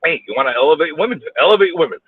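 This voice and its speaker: A man's voice: a little high, expressive, rapid-fire, breathy edge, no room sound. A man ranting alone in his car while stuck in traffic, exasperated and repeating himself as he swears. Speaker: vlogger ranting while driving. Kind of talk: angry live-streamed rant. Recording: tinny phone-like audio.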